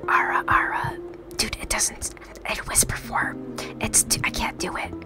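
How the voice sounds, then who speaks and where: A woman streamer in whispered role-play, reading game dialogue aloud and answering chat in a whisper. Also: a little slow. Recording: music playing behind the whisper.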